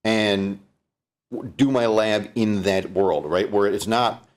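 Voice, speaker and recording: A Canadian man with a fairly low voice gives a live-streamed keynote slowly and conversationally. He often restarts phrases and fills pauses with "um" and "uh."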